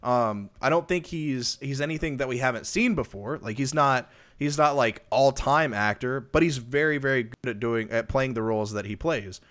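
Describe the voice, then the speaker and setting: A man with a wife and kids, co-hosting a podcast and reviewing a film in loose, rambling casual chat that gets animated when he tells a story. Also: medium pitch, moderate pace, hardly any pauses. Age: adult with a wife and kids. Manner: rambling, lots of restarts and fillers; animated when retelling stories. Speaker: podcast co-host.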